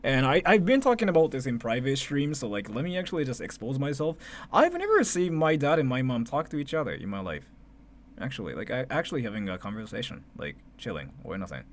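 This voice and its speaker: Speaking quickly in a mid-range voice, a man from Japan in his 30s with a Japanese accent chats casually on a livestream. He's animated, laughs a lot, and swears between fillers, with slight hiss or hum in the background.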